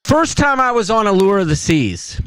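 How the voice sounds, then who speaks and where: Give me a man chatting as a podcast host, full of ums and likes, very expressive pitch. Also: normal speed, clean tone, no room sound. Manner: rambling storyteller, many fillers. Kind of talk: casual chat.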